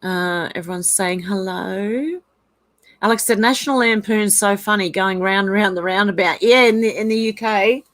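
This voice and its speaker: A woman's voice: mid-range voice, moderate pace, fairly bright tone. An Australian woman hosting a casual livestream, reading viewers' comments aloud and chatting about them with frequent laughs. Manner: chatty, reads chat messages aloud, laughs often. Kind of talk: casual live-chat.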